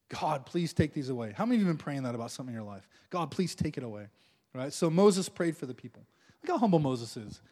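A man preaching a sermon as pastor, playful and animated, acting out the prayers of his listeners with little laughs. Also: a little high.

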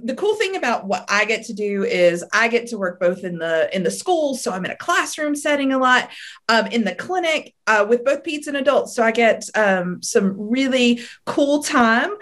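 A woman's voice: on the high side, fairly bright tone. A woman in her thirties, a speech language pathologist, talking in a friendly, chatty way as a podcast guest. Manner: friendly, chatty, with filler ums. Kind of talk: interview.

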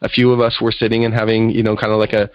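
Interview guest: man, lowish voice, lively storyteller who acts out quotes. Dry, muffled recording. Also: racing, smooth, no echo. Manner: animated storyteller acting out quotes. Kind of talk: storytelling in conversation.

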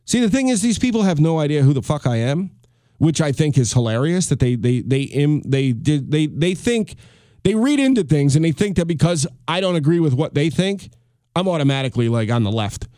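Fired-up man ranting, high voice. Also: lively intonation, a little fast, warm tone, no echo, studio quality. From United States. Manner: fired-up, swearing, repeats and restarts. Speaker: podcast host. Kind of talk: solo podcast rant.

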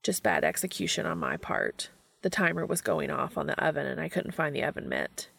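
A woman voicing a flustered, earnest adult man as she reads a story aloud, rushed and breathless. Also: low-pitched, gravelly, a bit bright, breathy edge, exaggerated voice. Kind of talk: audiobook fiction reading.

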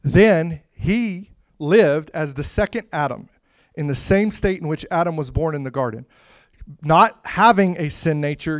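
Man, preacher, sermon, impassioned, rising to loud emphatic peaks, slightly high voice, dry close sound. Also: no room sound.

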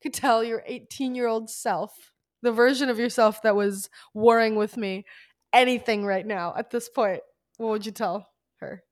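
A young woman co-hosting a casual podcast, playful and quick to laugh. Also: on the high side, fairly even intonation. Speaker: podcast co-host.

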